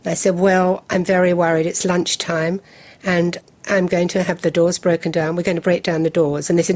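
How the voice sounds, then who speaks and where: A woman, recounting a personal memory in measured, detailed storytelling as an interview guest. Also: fairly low pitch, flat delivery, darkish tone. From England. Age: 70s.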